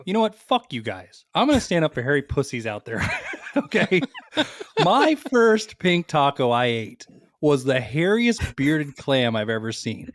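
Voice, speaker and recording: A man co-hosting a podcast, telling crude stories loudly with frequent laughs. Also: fairly high pitch, big pitch swings, a little slow, dry recording, studio quality. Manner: loud, laughing storyteller. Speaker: podcast co-host. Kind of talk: casual podcast banter.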